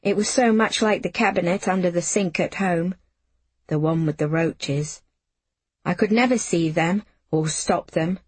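A woman reads a novel aloud in the first person, unhurried and measured. Her voice is slightly husky and she takes her time over every line. The sound is dry and close, with no room around it. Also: fairly low pitch, dry recording. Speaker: audiobook narrator. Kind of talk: first-person audiobook narration.

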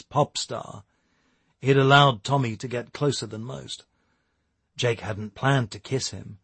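A man giving steady, measured scripted narration of a novel. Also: mid-range voice, slightly rough, no echo. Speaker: audiobook narrator.

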